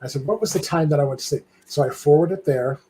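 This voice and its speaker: Older man telling an animated story. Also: a little high, fast talker, slight background noise, poor audio. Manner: animated storytelling, acting out quoted voices. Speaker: guest. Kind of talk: casual live-stream chat.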